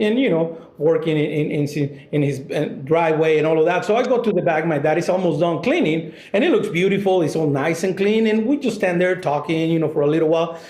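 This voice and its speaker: A male guest telling a personal story conversationally, often halting and restarting. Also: fairly high pitch, a little mellow, reverberant.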